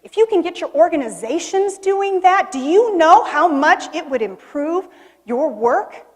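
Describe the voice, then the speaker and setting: Animated high-voiced woman in a hall. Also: a little slow. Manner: animated, dramatic storytelling with acted quotes. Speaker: keynote speaker. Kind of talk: storytelling speech. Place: convention hall. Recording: reverberant hall.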